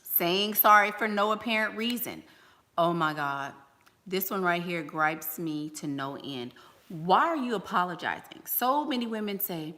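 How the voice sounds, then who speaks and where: A woman's voice: mid-range voice, lively intonation, a little slow, pushed and bright, long reverb tail. A woman giving life-coaching advice on a livestream, blunt and emphatic, firing rhetorical questions.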